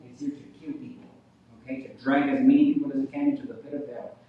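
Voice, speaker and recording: A man preaching a revival sermon as a guest preacher, telling his testimony and often calling out "ladies and gentlemen", his loudness rising and falling. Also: medium pitch, wildly swooping pitch, fast talker. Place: church hall. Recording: echoey hall, distant dull mic.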